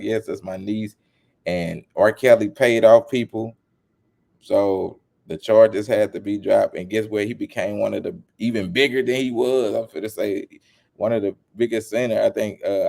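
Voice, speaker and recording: Gravelly, emphatic male vlogger. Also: on the low side. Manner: animated, emphatic, slangy. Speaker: commentary vlogger. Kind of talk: casual commentary.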